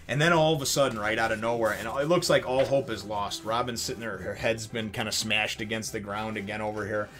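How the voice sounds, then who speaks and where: A man's voice: lowish voice, brisk, few pauses. A man giving a casual, rambling review of a manga chapter. He swears a lot and fills his talk with "you know.". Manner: rambling, swears, many fillers; grows loud and excited when retelling action.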